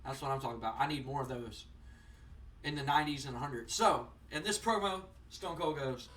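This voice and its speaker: A young man casually commenting on a wrestling management game, rambling with lots of fillers and getting excited. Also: mid-range voice, a little fast, far from the mic. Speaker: gaming channel host. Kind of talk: casual let's-play commentary.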